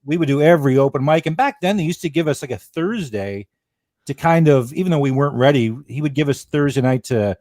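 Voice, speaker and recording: A man's voice: fairly high pitch, animated, a little fast, darkish tone, no echo, studio quality. A guest comedian in his forties, reminiscing in casual chat with a rambling, restarting manner. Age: 40s.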